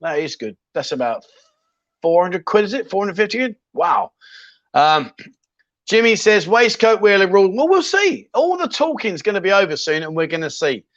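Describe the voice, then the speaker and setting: A man hosts a casual livestream, chatting loosely and reading viewer comments in a rambling, jokey way with many ums and restarts. His voice sits high with big pitch swings at a moderate pace. The audio is dull, with no echo.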